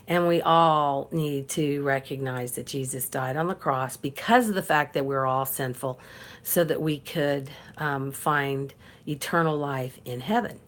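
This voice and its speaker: A woman's voice: deep voice, fairly bright tone. A middle-aged woman giving an earnest, preachy faith talk in a casual style, with frequent restarts and fillers. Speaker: political commentator.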